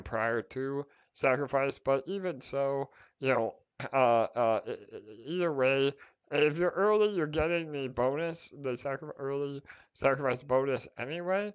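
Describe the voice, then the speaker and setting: A man chats through community questions on a livestream call, reassuring and loose, with plenty of fillers and false starts. His voice is smooth and full. The call audio is a little muffled and lo-fi. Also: medium pitch. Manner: chatty, many fillers and restarts, reassuring. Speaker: project team host answering community questions. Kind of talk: casual livestream Q&A. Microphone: online call microphone with glitchy audio.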